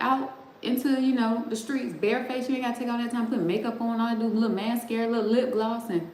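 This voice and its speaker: A middle-aged woman with a mellow, somewhat high voice hosts a livestream, chatting casually and directly with her viewers and laughing often. The recording sounds roomy, with faint background noise.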